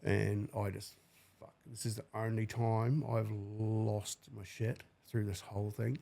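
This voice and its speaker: Guest, 40s man from New Zealand, gravelly, blunt profane storyteller. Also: fairly low pitch, level tone, measured pace, dark tone. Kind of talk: emotional personal account.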